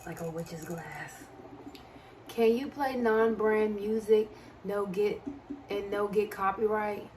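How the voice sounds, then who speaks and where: A young woman with a DMV accent chatting on a live stream at a middle pitch. She answers her viewers' comments in a loose, chatty way. A faint hum of noise sits under her voice. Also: takes it slowly, darkish tone. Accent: DMV (Washington, D.C. area) American. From American. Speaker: livestreamer. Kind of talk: casual live-stream chat.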